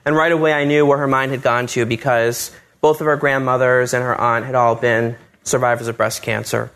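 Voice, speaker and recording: A man telling his own story live on stage, easygoing and wry, building up to punchlines in a calm, collected way. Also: mid-range voice, brisk, clear, resonant tone. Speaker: storyteller, husband of a patient.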